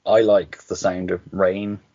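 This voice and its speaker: A man's voice: sits low, flat delivery, measured pace, mellow, dull audio. A man co-hosting a podcast over a video call, chatting candidly, swearing and laughing through his stories. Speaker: podcast co-host.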